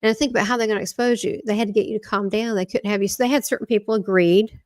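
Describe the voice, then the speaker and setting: A woman with a Southern US accent, a guest on an interview podcast, telling stories in a rambling, excitable way. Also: medium pitch, very fast, no echo. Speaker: guest, spiritual medium. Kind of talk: casual interview talk.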